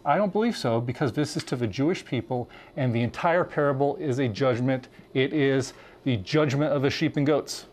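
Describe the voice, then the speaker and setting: A man's voice: mid-range voice, normal speed, darkish tone, a little hiss or hum. A man co-hosting a Bible teaching show, explaining scripture in an earnest, emphatic way. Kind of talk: teaching conversation, preaching.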